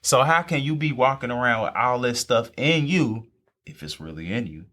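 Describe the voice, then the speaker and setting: A man's voice: mid-range voice, animated, moderate pace, pushed and bright. A young man, talking faith casually and repeating phrases for emphasis. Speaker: podcast co-host. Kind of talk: faith talk among friends.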